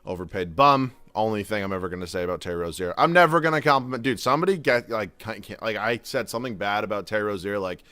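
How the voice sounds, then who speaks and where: A man's voice: on the low side, fast talker, hardly any pauses, sharp tone, no room sound. A young man giving casual, profane gameplay commentary, ranting as he plays. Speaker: gaming YouTuber.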